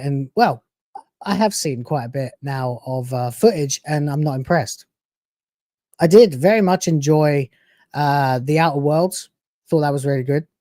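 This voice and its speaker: A woman's voice: deep voice, dark tone, dry recording, studio quality. A woman hosting a reaction channel, giving sarcastic, profane, mocking commentary over clips.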